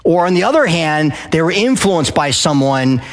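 A man from Arizona speaking at a live event, lecturing an audience in a loud, passionate way and often checking in with "okay?" and questions. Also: fairly high pitch, very animated, normal speed. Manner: addresses the crowd with frequent "okay?" and questions.

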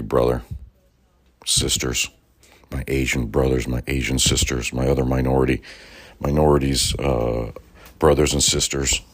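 A middle-aged man from Los Angeles hosting a political talk-radio show, delivering a heated, profane and emphatic rant with sarcastic asides. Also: extremely low pitch. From Los Angeles, United States.

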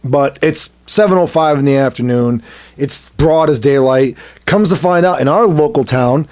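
A man telling a story in casual chat, animated and laughing often as he acts out what people said. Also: on the high side, moderate pace. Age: adult, has a son. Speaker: podcast co-host telling a story.

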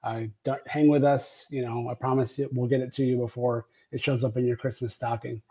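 A man co-hosting a podcast in casual chat, easygoing with halting restarts. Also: medium pitch, level tone, mellow, slightly rough. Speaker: podcast co-host.

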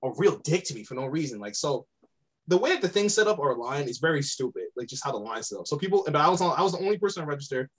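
A man's voice: a little high, expressive, rapid-fire, breathy edge. A young man co-hosting a podcast, telling rambling stories in casual chat and laughing often. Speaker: podcast co-host.

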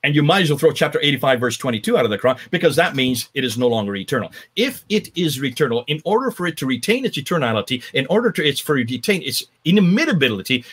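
A man's voice: mid-range voice, big pitch swings, very fast, few pauses, a bit bright, slightly rough. A man giving an emphatic, conversational lecture as a guest speaker, with frequent restarts. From United States.

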